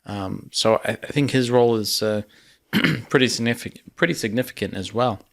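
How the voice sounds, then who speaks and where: A man co-hosting a casual podcast discussion, speaking in a measured way with many "uh" and "um" fillers. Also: mid-range voice, creaky, fairly bright tone. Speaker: podcast co-host.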